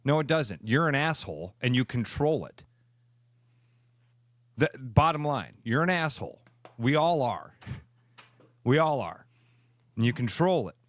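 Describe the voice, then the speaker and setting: A man's voice: medium pitch, sing-song, measured pace, pauses often, a bit bright, no echo. A male radio co-host holds forth in a dead, dry studio sound. His mid-range voice pushes blunt, emphatic opinions in crude sports-talk banter.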